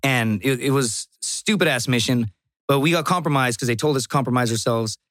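Profane, animated storyteller man from Texas. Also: mid-range voice, fairly quick, no echo, studio quality. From Laredo, Texas. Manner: profane, animated storyteller who acts out quotes. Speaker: guest, stand-up comedian and former Marine. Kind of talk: casual podcast storytelling.

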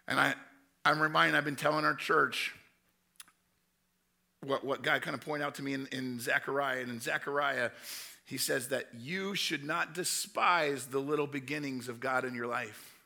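A male pastor giving a sermon, telling Bible stories with animated acted-out voices. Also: medium pitch, moderate pace, gravelly. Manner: animated storytelling, acting out voices of Bible figures.

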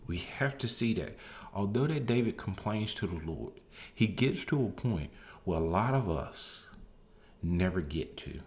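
Male preacher, low and animated, earnest and repetitive as he exhorts. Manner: earnest, repeats phrases for emphasis, rises when exhorting. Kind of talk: sermon.

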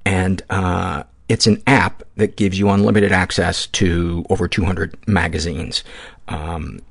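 A man hosting a podcast, thanking his guest and reading a sponsor ad in a relaxed way with many fillers. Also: low-pitched, unhurried, creaky, slightly rough. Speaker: podcast host. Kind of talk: casual interview and ad read.

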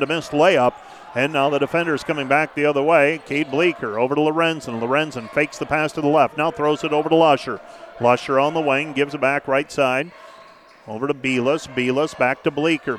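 Man calling basketball play-by-play, fairly high voice. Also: a bit bright, slight background noise. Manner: brisk name-by-name play calling with stat asides. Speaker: play-by-play announcer. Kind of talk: live basketball commentary.

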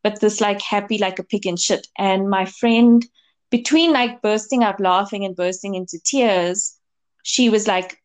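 A woman's voice: medium pitch, unhurried. A woman co-hosting a casual chat, telling a long personal story with many fillers and restarts. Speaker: podcast co-host, medium.

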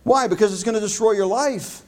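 A male pastor preaching a sermon, stressing key phrases emphatically and slowing down on them. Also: high voice, darkish tone.

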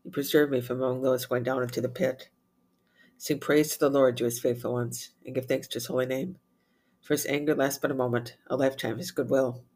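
Man of middle pitch leading prayer, steady measured reading with brisk quiet Latin responses. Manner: steady measured recitation, rattles off Latin refrains quickly and softly. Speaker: prayer leader. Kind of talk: reciting liturgical prayer.

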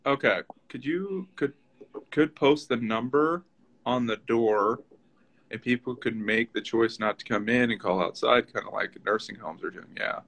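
A man's voice: medium pitch, a little slow, a bit bright, rough recording. A man hosting a casual live-stream chat, talking loosely with lots of fillers and tag questions. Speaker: host.

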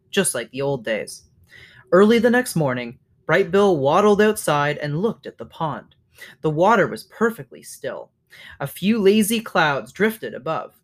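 A man reading a children's novel aloud as narrator, wry in his framing and correcting his own small slips. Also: fairly high pitch. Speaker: audiobook reader. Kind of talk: storybook read-aloud narration.

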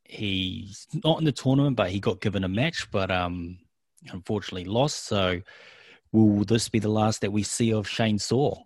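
A man with a New Zealand accent, co-hosting a show and casually recapping events step by step with frequent pauses. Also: on the low side, no echo. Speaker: co-host of a wrestling recap show. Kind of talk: casual chat.

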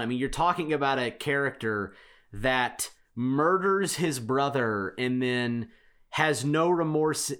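A man's voice: mid-range voice, a bit bright, smooth. A man co-hosting a podcast in casual chat, stating strong opinions in emphatic, declarative sentences. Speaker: podcast co-host.

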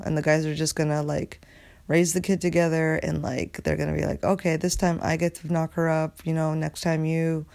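A woman's voice: deep voice, a little mellow. A woman hosting a solo podcast, ranting casually in a rambling way, swearing often and full of filler words. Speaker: podcast host.

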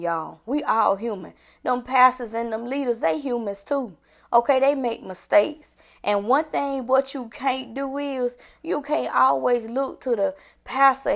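A woman giving an impassioned, encouraging talk to her viewers, talking folksy and direct, building to fervent near-shouting like a preacher. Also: a little high, gravelly. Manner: folksy, calls to the audience directly. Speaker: online encourager addressing viewers.

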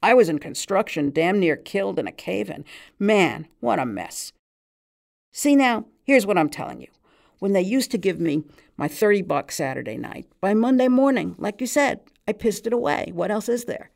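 A woman reader voices a nervous male barman from New York in a story. He talks high, earnest and excitable, with a gravelly edge. His speech is streetwise. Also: normal speed, exaggerated voice. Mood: eager.

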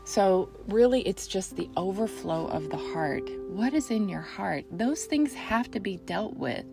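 A woman's voice: medium pitch, animated, measured pace, gravelly, over music. A woman hosting a faith talk show, speaking earnestly in casual reflection and repeating phrases for emphasis. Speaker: faith podcast host and author.

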